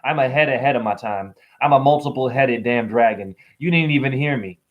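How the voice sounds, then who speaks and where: A man giving a rambling spiritual monologue to camera, animated and preachy, joking, exclaiming and swearing casually. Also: medium pitch, fairly quick, narrow, tinny audio. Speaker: spiritual vlogger.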